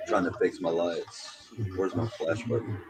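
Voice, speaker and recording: A man's voice: low-pitched, steady tone, unhurried. A man hosting a casual live stream, crude and jokey, laughing often. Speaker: stream host.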